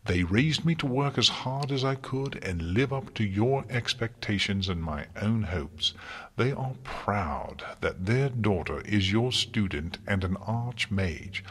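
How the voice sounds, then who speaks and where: A man's voice: lowish voice, lively intonation, slow, a bit bright, husky, heavily acted. A man voicing a defiant young mare scholar who speaks in a cold, snarling fury, in an audiobook reading. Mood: furious.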